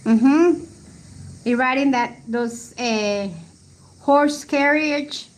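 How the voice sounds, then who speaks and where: Woman livestream host, high voice, slow easy pace, chatty and laughing, casual chat over photos. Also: a little hiss or hum. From Colombia. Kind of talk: casual chat reading live chat.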